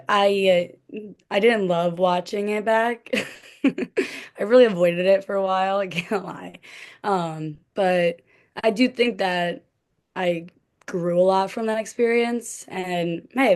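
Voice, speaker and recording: A woman's voice: medium pitch, slow pace, smooth. Chatty young woman retelling a story. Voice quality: frequent "like" fillers, light laughs between words. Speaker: podcast guest, former cheerleader. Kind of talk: casual storytelling chat.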